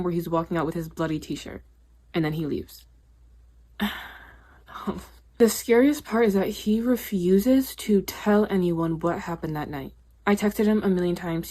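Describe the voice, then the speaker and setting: A young woman with a slightly low voice tells a personal story straight to camera. She talks in a chatty, confessional way, leaning on "like" and "literally", and her tone turns emphatic and indignant. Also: a little mellow. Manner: chatty, confessional, peppered with 'like' and 'literally'.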